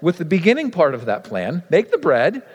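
A man's voice: a little high, huge pitch swings, normal speed, slightly rough, big-room sound, full character voice. A man voicing a bold, insistent male prophet in his own preaching voice.

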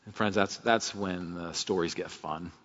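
A man's voice: low-pitched, fairly even intonation, unhurried, a bit bright. A man preaching a sermon as pastor, earnest and fervent, putting rhetorical questions to his congregation in a church sanctuary. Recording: long reverb, dull lo-fi sound.

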